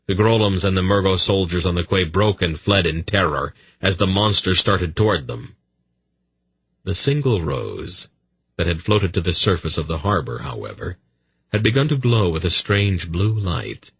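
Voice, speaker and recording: A man's voice: sits low, a bit bright, slightly rough, no echo. A man narrating an audiobook with intense, dramatic storytelling.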